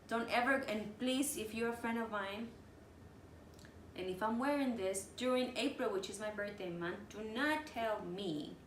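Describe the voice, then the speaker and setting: A woman co-hosting a casual podcast, telling a story and swearing freely, with Spanish words mixed into her English. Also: medium pitch. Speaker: podcast co-host. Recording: echoey room with faint noise.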